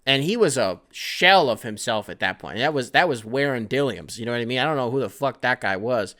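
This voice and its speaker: A man's voice: mid-range voice, animated, a little fast, pushed and bright. A man hosting a casual sports podcast, talking in a loose, rambling way and swearing freely. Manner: loose, rambling and profane, self-described scatterbrained. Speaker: podcast host.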